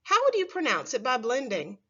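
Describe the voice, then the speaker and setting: A woman teaching a first grade phonics lesson, speaking slowly and clearly and stretching words for young children. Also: sits high, wildly swooping pitch, pushed and bright, highs cut off.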